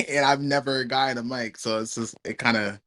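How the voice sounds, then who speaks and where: A man's voice: medium pitch, steady tone, normal speed, bright, forceful tone. A young man calling in, talking casually and a little ramblingly. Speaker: caller.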